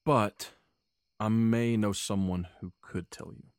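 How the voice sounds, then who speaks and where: A stammering elf noblewoman who talks in guarded, halting bursts. A man gives her a very low voice. The sound is dry and close. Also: fairly even intonation, smooth, no room sound. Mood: earnest. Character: hesitant noble wood elf woman.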